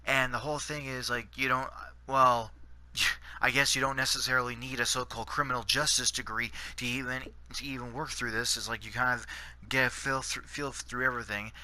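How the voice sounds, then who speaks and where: A man's voice: medium pitch, little pitch movement, brisk, sharp tone. A Canadian man giving rambling gameplay commentary, full of fillers and restarts. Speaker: gaming channel host.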